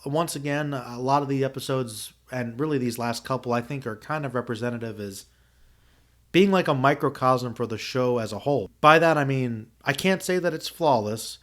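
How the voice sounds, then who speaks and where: Reflective man rambling through a review. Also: mid-range voice. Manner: rambling, reflective, frequent fillers and restarts. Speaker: podcast host. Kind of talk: casual spoken review.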